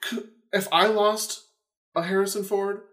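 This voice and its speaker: A man's voice: high voice, fairly even intonation, a little slow, a bit bright. A man co-hosting a podcast, recapping a film in casual chat with crude jokes. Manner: crude jokey banter, acts out characters. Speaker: podcast co-host.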